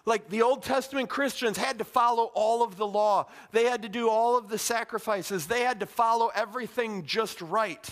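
A middle-aged man preaching a sermon in a conversational, animated way, with casual asides. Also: high-pitched, moderate pace, hardly any pauses. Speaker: pastor.

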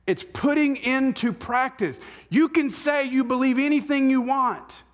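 A man preaching a sermon in a conversational way, acting out the people in the story with quick voices. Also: extremely high pitch. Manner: acts out Bible figures in quick voices, conversational. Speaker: pastor.

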